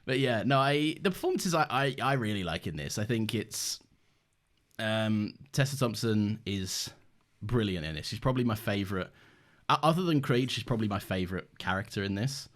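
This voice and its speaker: Eager man, lively low voice. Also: normal speed. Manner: enthusiastic, earnest, fond of the film. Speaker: podcast co-host. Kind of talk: casual film review chat.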